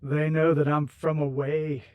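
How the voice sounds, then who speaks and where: A man with a higher voice and level tone hosts a game livestream, chatting casually and rambling with viewers as he builds, laughing easily. He's unhurried, and the sound is phone-quality with no echo.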